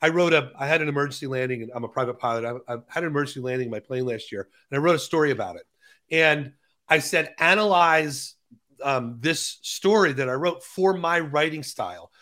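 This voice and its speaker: A man with a bright, forceful voice sitting a little high in his register. He walks the listener through ideas in an easy conversational way, slowing down on key phrases and often restarting his sentences. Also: animated. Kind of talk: conversational explainer.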